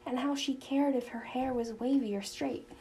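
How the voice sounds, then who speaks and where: A woman narrating a children's novel in an even storytelling manner. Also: high-pitched, normal speed, a little hiss or hum, low-quality recording. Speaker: audiobook narrator.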